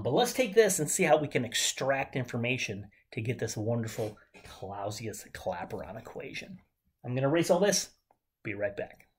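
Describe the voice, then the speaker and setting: A male chemistry teacher working through a whiteboard lesson. His voice swings up and down with animated energy, middling in pitch, and he jokes and cheers along the way. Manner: enthusiastic, jokey, talks to students directly. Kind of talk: whiteboard lecture.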